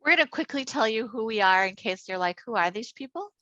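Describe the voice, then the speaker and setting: A middle-aged woman from Minnesota leading an online workshop on inclusive education, enthusiastic and chatty with quick asides. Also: a little high, animated, a bit bright, no echo, muffled recording. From Minnesota, United States. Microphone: computer mic on a video call.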